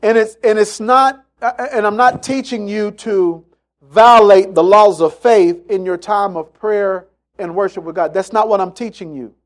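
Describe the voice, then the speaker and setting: A man's voice: high voice, fairly even intonation, measured pace. A man preaching a sermon, emphatic and repetitive, acting out the voices of people in his stories. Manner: emphatic, repeats phrases, acts out quotes in story.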